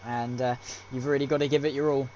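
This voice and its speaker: A man's voice: medium pitch, level tone, quick pace, darkish tone. A man doing upbeat live stream commentary on a sim race, chatty and full of fillers as he calls the action. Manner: chatty, lots of fillers and restarts; upbeat play-by-play.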